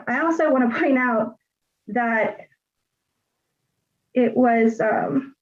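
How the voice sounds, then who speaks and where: A woman representing herself in a court hearing, politely and deliberately reading out legal filings and making her argument. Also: a little high, lo-fi sound. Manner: polite, deliberate, reads legal text aloud. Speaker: self-represented parent in court.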